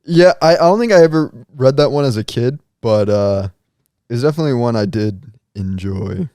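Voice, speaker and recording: Man, young adult, casual podcast chat, easygoing, mid pitch, dry sound. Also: animated, normal speed, dark tone, no echo. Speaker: podcast co-host.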